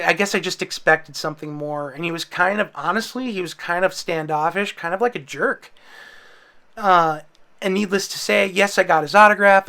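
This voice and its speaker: Male vlog host, high-ish and bright, chatty and rambling. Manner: chatty, rambling storytelling with frequent fillers. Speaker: commentary channel host. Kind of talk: casual commentary.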